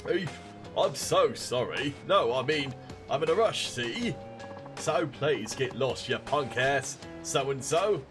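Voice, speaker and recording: A man's voice: medium pitch, expressive, slow, over music, voice pushed up. A man doing a rude swaggering young punk. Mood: mocking. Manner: shouty insults, mock-French accent attempt.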